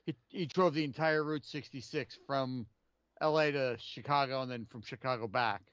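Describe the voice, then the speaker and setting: A man's voice: medium pitch, normal speed, a bit bright, clean tone, no echo. A man co-hosting a podcast, rambling through a story with restarts. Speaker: podcast co-host. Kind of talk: casual chat. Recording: dull dry podcast mic.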